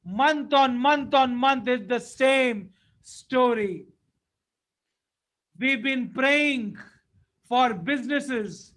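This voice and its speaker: A male preacher delivers his sermon in a strikingly high voice. He speaks slowly and with fervent emphasis, stacking short phrases one on top of another. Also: a bit bright, low-quality recording.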